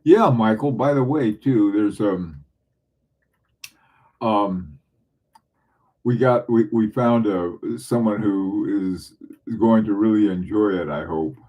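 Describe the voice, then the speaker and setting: A man's voice: fairly low pitch, slow pace, pauses often, muffled recording. A middle-aged man from southern New England chatting casually with viewers on a livestream, rambling with frequent restarts and chuckles. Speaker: livestream host.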